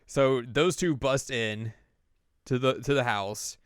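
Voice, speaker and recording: A man hosting a podcast chats in a relaxed way, recapping an anime and acting out its scenes. His voice is smooth and clear at a middle pitch, heard dry and close to the mic. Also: takes it slowly, no room sound. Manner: chatty, acts out the scenes he recaps. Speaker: podcast host. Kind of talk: casual chat recapping an anime.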